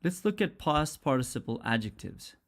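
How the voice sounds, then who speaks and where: A man's voice: medium pitch, sing-song, normal speed, creaky. A man teaching an English pronunciation lesson, speaking carefully and repeating sounds and example words one at a time.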